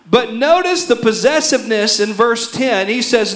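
A man preaching a sermon, swinging from shouts to hushed words. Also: very high-pitched, expressive, normal speed, echoey room. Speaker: pastor.

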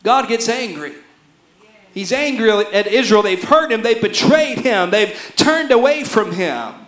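A man preaching a sermon, swinging from shouts to hushed words. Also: high-pitched, animated, a little slow, echoey room. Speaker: pastor.

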